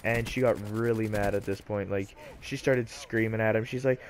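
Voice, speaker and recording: A man's voice: on the low side, steady tone, normal speed, hardly any pauses, a little hiss or hum. A teenage boy casually telling a storytime vlog in a loose, chatty way full of fillers. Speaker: vlogger, storyteller.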